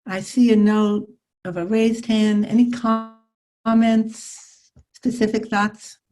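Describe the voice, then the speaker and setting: An older woman psychologist teaching a live online workshop over a video call, with a calm, soothing coaching manner. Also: on the high side, takes it slowly.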